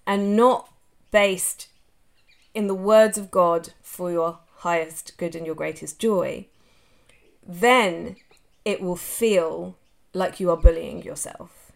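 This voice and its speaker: An Australian woman talks straight into her phone in a loose, live-streamed monologue, sounding candid and unfiltered. She swears without a second thought and lets her sentences tumble on one after another. Her pitch sits at an everyday middle height. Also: gravelly. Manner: candid and animated, swears freely; rambling, tumbling run-on sentences. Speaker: podcast host. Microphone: phone, live on social media.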